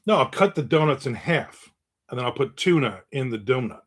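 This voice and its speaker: A middle-aged man with a mid-range voice and lively intonation speaks fairly quickly as he hosts his own casual live video show. He chats, tells everyday stories, jokes with viewers and reads their comments.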